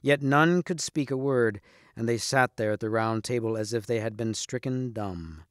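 A man reading a storybook aloud in a measured, expressive way. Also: mid-range voice, dry recording, studio quality. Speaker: reader.

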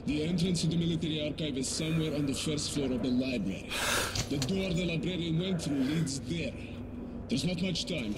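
A man plays an urgent male guide in a video game, commanding and terse as he sends the hero off alone. His voice sits a little high for a man. Heavy noise runs under the game audio. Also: fairly quick, close to an everyday voice. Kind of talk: game dialogue.

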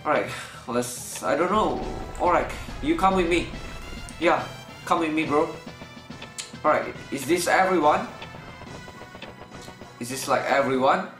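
A man hosting a let's play, excitable and swearing constantly, with loud panicked outbursts. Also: a little high, a little slow, pauses often. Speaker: gaming channel host. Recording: roomy room sound with faint game music. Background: faint game music.

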